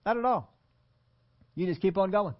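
A man preaching an animated sermon and asking his congregation questions. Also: high voice, normal speed, highs cut off. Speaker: pastor.

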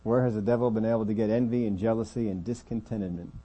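A man preaching a sermon as pastor of a church, earnest, often dropping his voice quiet to make a point. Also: fairly low pitch, fairly even intonation, fast.

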